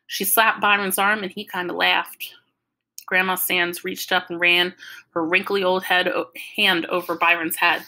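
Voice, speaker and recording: A woman reads a chapter of a novel aloud with lively, expressive storytelling. Her voice is bright and forward. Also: medium pitch, moderate pace, poor audio. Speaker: audiobook reader.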